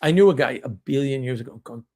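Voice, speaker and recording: A man's voice: mid-range voice, fast, a little mellow. A man hosting a live stream, talking in a casual monologue that rambles with restarts and chuckles, blunt and wry.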